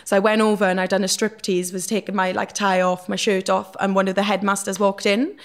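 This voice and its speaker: A woman's voice: medium pitch, flat delivery, a little fast. A young woman with a Welsh accent, a guest telling stories from her past in a frank, rambling way, full of fillers. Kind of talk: casual candid storytelling.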